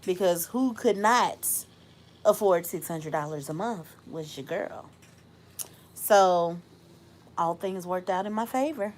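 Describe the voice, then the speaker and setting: A young adult woman hosting a casual livestream, reflective and unhurried, thanking viewers by name and laughing often. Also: on the low side, animated. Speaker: host.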